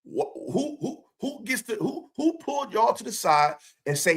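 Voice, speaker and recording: A man's voice: extremely high pitch, huge pitch swings, normal speed, gravelly, few pauses, darkish tone, breathy edge. A man hosting his own stream, delivering a profane, confrontational rant full of taunting rhetorical questions. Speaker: streamer host.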